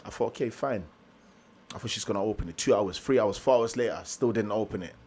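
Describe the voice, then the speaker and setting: This young man from Germany is a motivational speaker recounting his story in a casual interview, acting out quoted voices as an animated storyteller. His voice is lowish with a breathy edge, and he talks fast.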